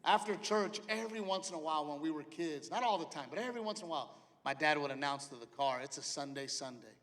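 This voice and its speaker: A middle-aged man doing a stand-up set, loud and punchy, with sudden shouted punchlines. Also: a little high, animated, fast talker. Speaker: stand-up comedian. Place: large theater stage. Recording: live theater with long reverb and faint ambience.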